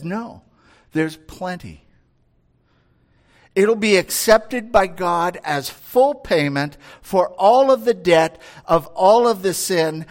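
A man preaching a conversational sermon, acting out quoted voices and building to near-shouts. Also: high-pitched. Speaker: pastor.

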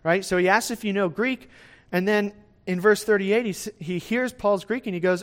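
Conversational male preacher, slightly higher voice. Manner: conversational, often asks "right?" to the listeners; lively swings in loudness, speeds up and slows down. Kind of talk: sermon, verse-by-verse teaching.

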